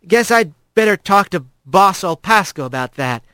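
A man's voice: sits high, lively intonation, normal speed, sharp tone, clear, resonant tone, no echo, studio quality, pitched above the performer's own voice. A man doing a jittery young rat deckhand. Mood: unsteady. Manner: hesitant. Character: young male rat, nervous new deckhand.

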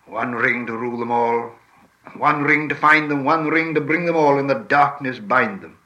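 A man reading aloud as an ancient, grave wizard in a measured, solemn way. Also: medium pitch, pushed and bright, close to an everyday voice. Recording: old lo-fi archive recording, distant.

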